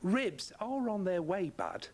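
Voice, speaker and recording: A nervous, deferential man who stammers through his lines. His voice is high for a man and swings widely. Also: big pitch swings, slow, a little mellow, exaggerated voice. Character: nervous eager-to-please man. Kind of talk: kids TV series acting.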